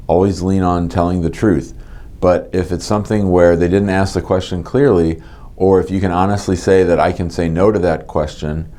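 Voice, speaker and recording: A man working as an immigration lawyer, explaining advice in a video. He over-enunciates his words slowly and his S sounds come out slightly stuck. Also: sits low, mellow.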